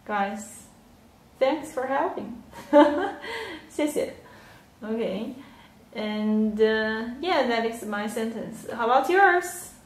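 A woman teaching a livestream language lesson, explaining slowly and patiently with many fillers. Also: on the high side, animated. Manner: slow, patient explaining with frequent yeah and fillers. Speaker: Chinese teacher. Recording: roomy echo, a little off mic.

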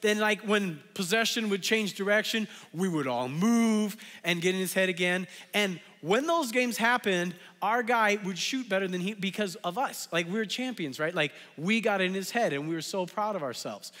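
Bright-voiced, animated pastor in a reverberant hall. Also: male voice, high voice, normal speed, few pauses. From Southern California. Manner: chatty, animated storytelling with many fillers. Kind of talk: storytelling sermon. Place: church sanctuary.

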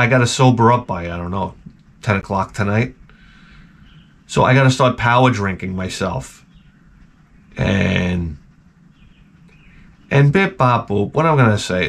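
A man hosting a video, telling a rambling, profane story full of restarts and acting out quoted people in a higher voice. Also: fairly bright tone. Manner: jumps up in pitch to act out quoted people. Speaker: video host. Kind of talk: casual rambling anecdote.

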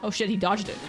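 A young woman streaming a video game, chatting, swearing, laughing and yelling at what happens on screen. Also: rumbling low. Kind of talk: live gameplay commentary.

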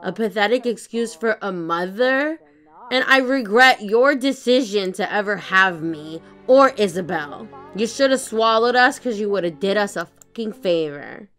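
A woman's voice: mid-range voice, normal speed, hardly any pauses, fairly bright tone, faint music behind, natural voice. A woman voicing a young woman cursing out her mother. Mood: enraged. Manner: cursing, blunt and cutting. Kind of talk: improvised game role-play voicing.

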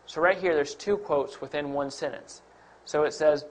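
A man's voice: on the high side, steady tone, a little fast. A man teaching a test-prep grammar lesson, explaining step by step with a few fillers and restarts. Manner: explains step by step while pointing at examples; uses fillers and slight self-corrections. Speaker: instructor.

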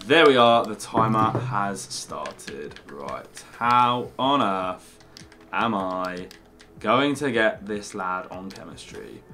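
A man's voice: lowish voice, lively intonation, slow, pushed and bright, faint music behind. A young man hosting a gaming video, chatty and upbeat, often calling his co-host "mate". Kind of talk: casual gaming video commentary.

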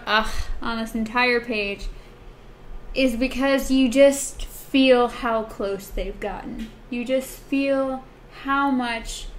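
A woman co-hosting a casual book discussion podcast, chatty and reading passages aloud in a softer voice. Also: slight background noise. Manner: chatty, reads quotes in a soft low voice. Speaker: podcast co-host.

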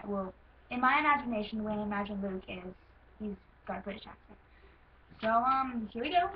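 An American woman recording a casual casting-call audition, self-conscious and rambling with frequent ums, on a lo-fi recording with faint hiss. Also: on the high side. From United States. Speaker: voice actor auditioning.

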